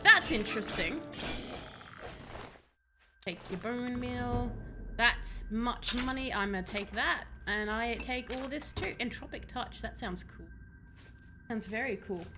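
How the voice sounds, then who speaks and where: A young woman with a slightly high, expressive voice chats and rambles to her stream audience while gaming, laughing at her own jokes. She speaks at a measured pace with frequent pauses, and music plays behind her.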